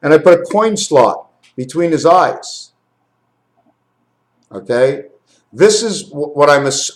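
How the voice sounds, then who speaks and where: A man talking to his camera in a rambling home video, counting numbers aloud, correcting himself and getting excited over what he finds. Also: fairly high pitch. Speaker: video maker.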